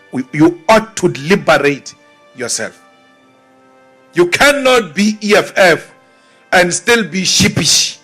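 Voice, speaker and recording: A South African politician delivering a rousing, defiant speech to a crowd, repeating phrases for force and mocking timid voices. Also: male voice, high-pitched, fairly bright tone.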